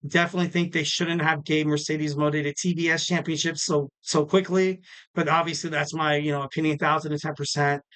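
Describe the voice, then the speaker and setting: Bright-voiced rambling male podcast host. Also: on the high side, level tone, a little fast, clear, resonant tone. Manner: rambling, full of fillers and self-corrections. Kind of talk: casual solo wrestling podcast talk.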